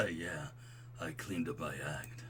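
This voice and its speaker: A man putting on a deep, buttery laid-back dude. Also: steady tone, a little hiss or hum, heavily acted. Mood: friendly. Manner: slow, mellow drawl ending on "bro". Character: smooth laid-back young dad, college buddy.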